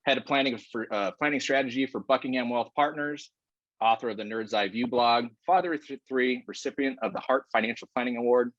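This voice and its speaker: A man's voice: medium pitch, brisk, a bit bright, no room sound. A man co-hosting a podcast, joking and swearing, building to hyped announcer flourishes. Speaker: podcast co-host. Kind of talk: casual chat. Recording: dry dull lo-fi mic.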